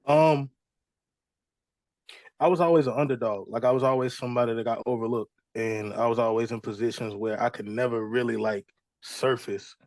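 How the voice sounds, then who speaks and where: A young man, a music artist, tells his story in a relaxed, conversational way and slips into the voices of the people he quotes. His voice is mid-pitched and recorded dry and close, with no room sound around it. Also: normal speed, dry recording. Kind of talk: casual storytelling interview.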